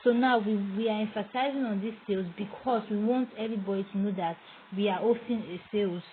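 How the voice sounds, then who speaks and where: A woman's voice: medium pitch, fast talker. Woman walking thru a design lesson, tinny lo-fi audio. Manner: explains step by step while working on screen. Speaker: design teacher. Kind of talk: screen-recorded tutorial. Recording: tinny, phone-like audio with faint noise.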